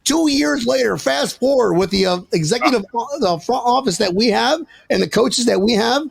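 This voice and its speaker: A man hosting a sports podcast, talking in excitable, teasing casual banter and joking his way through arguments. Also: extremely high pitch, moderate pace, creaky, husky. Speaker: podcast host.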